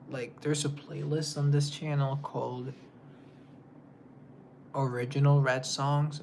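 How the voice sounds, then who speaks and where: A young man, a singer, casually chatting on a livestream and reading out viewer comments in a rambling way, drifting into soft asides. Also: mid-range voice, creaky, slight background noise.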